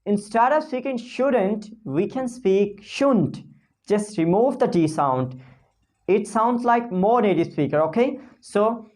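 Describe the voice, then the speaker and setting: Slow, drilling woman teacher. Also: medium pitch, darkish tone. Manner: slow, repeats model phrases for drill; many fillers and restarts, non-native phrasing. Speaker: English pronunciation teacher. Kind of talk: casual spoken lesson to camera.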